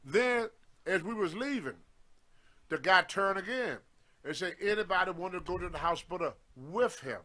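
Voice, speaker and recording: A man's voice: high voice, moderate pace. An older man, telling a wrestling story casually and acting out the lines of the people in it. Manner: animated anecdote, acting out quoted lines. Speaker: guest storyteller on a wrestling show.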